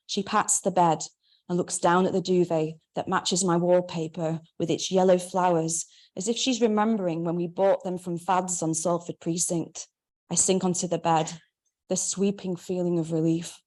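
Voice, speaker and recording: A woman, reading her memoir aloud in a wry, measured way. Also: on the low side, fairly even intonation, darkish tone. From Manchester, England. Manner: wry, measured first-person narration. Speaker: memoir author.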